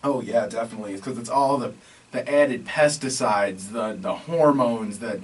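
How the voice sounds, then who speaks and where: A man's voice: medium pitch, moderate pace, breathy edge, far from the mic, poor audio. A man co-hosting a podcast who rambles emphatically about food and health. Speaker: podcast co-host. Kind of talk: casual podcast chat.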